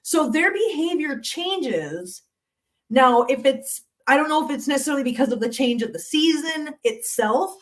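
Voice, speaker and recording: A middle-aged woman hosting a casual cat live stream from her home studio, chatting with viewers, answering the chat and laughing often. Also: fairly high pitch.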